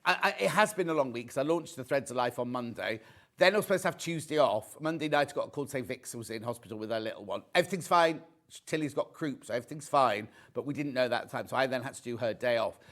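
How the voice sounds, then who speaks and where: A man's voice: mid-range voice, fast, a bit bright. A man presenting a live sales show in a TV studio, chatty and jokey as he pushes deals and reads out viewer messages. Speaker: shopping channel presenter.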